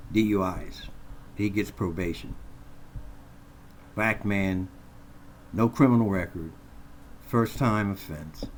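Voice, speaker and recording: A man's voice: sits low, slight background noise. A man venting in a heated, profane rant recorded on his phone, hurling blunt accusations. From Colorado. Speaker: vlogger. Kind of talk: angry rant to camera. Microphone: phone camera.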